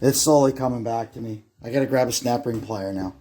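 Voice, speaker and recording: A man's voice: mid-range voice, dark tone, a little hiss or hum. Man narrating a garage machine repair. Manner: thinks aloud, halting with fillers while working. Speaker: garage owner repairing a brake lathe. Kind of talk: casual workshop how-to narration. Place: home garage workshop. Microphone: phone camera propped nearby.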